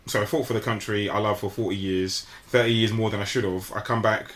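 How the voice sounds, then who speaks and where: Bright-voiced man on a podcast. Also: fairly low pitch, fairly even intonation, fast. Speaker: podcast co-host. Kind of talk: casual podcast discussion.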